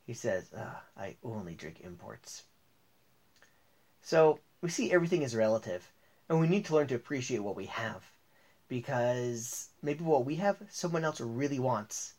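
A man hosting a motivational podcast, talking in an upbeat, chatty way with a few fillers and restarts. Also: medium pitch. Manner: upbeat, reads ads and tells jokes with restarts and fillers. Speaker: podcast host.

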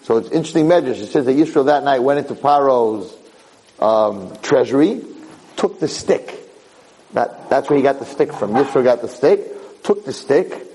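A man's voice: medium pitch, normal speed, rough recording. An older man giving an informal Torah class, telling stories and asking rhetorical questions. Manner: animated storytelling with rhetorical questions. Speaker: Torah teacher.

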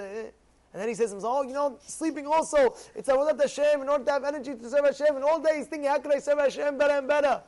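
A man with a strikingly high voice gives a spirited Torah lecture to his class. He slips into the voices of the people in his examples and drives his points home by repeating them. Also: very fast. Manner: animated, acts out quoted people, repeats phrases for emphasis. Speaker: rabbi giving a Torah class.

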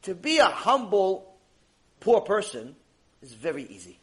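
A man's voice: sits high, huge pitch swings, measured pace, a bit bright, poor audio. A man giving a rabbinic ethics lecture, animatedly telling a story and acting out its dialogue. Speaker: rabbi teaching Jewish ethics.

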